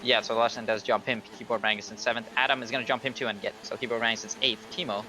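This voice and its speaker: A man's voice: mid-range voice, fairly even intonation, fast, background noise. A young man co-commentating a sim race, casual and a little hesitant. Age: young adult.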